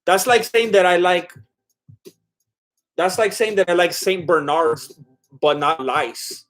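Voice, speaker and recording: A man with a slightly high-pitched voice hosts a casual live stream. He chats loosely with his viewers and reads their comments aloud. He laughs often and drifts a bit while eating. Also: slow pace, pauses often, a bit bright. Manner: chatty and scattered, laughing often. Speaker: livestream host. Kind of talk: casual live watch-along chat reading viewer comments.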